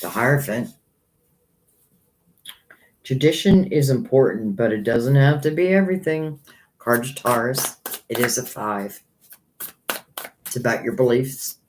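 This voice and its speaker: A man's voice: mid-range voice, expressive, unhurried, long pauses, slight background noise. Man rambling through a tarot live stream. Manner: rambling, thinking aloud; earnest, a little hurt by critics. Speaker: psychic tarot reader.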